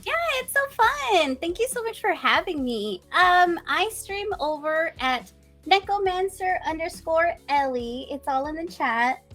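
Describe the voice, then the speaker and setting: Bubbly high-voiced young woman streamer. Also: animated, unhurried, a bit bright, faint music behind. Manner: bubbly, giggly, enthusiastic. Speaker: streamer guest. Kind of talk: casual interview chat.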